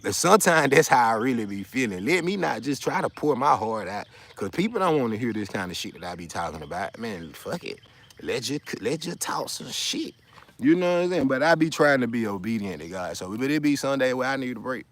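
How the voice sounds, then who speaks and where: A man's voice: mid-range voice, sing-song, brisk, a bit bright. A man, rambling on a casual livestream, swearing and taunting a viewer in the chat.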